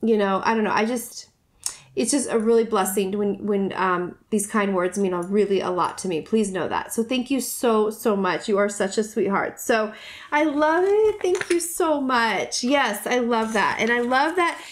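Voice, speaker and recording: A woman from the United States chats casually as a vlogger, opening mail from viewers. Her voice sits a little high, and she gushes warmly, repeating her thanks and rambling with plenty of fillers. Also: expressive, moderate pace. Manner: gushing, effusive, repeats herself; soft, rambling with many fillers. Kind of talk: casual vlog chat.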